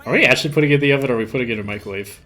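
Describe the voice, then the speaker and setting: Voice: mid-range voice, racing, fairly bright tone. A streamer chatting casually while playing a video game, laughing often between remarks, over light game music. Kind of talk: casual gameplay chat.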